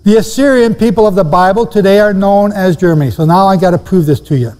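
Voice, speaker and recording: With a fast, high voice of darkish tone, a man teaches Bible prophecy to a room of seated listeners, stressing and repeating key phrases and quizzing them. A hall's long reverb colors the recording.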